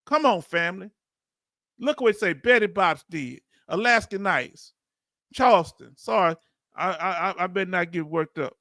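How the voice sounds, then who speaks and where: A man hosting a livestream, animated and preachy, talking in casual slang and calling on his viewers in the chat. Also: sits high, dry recording, clean studio sound. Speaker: channel host.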